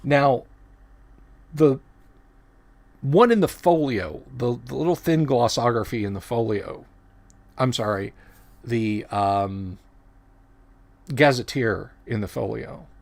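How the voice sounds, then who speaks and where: A man's voice: mid-range voice, creaky. A middle-aged man hosting a casual livestream, talking in a rambling, chatty way and often correcting himself mid-sentence. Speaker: livestream host.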